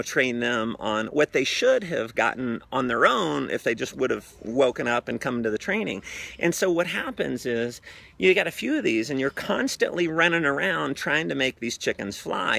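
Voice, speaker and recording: A man, slightly out of breath, giving an energetic motivational talk outdoors by a pool. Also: fairly high pitch, vocal fry, slightly rough. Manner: energetic storyteller, animated voices. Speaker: network marketing trainer.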